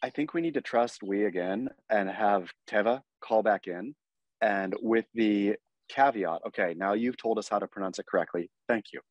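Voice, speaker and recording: Man, American accent, podcast co-host, animated, lowish voice, dry sound. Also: normal speed, no room sound, dull audio. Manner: animated, acts out mock dialogue, laughs often. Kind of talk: casual chat.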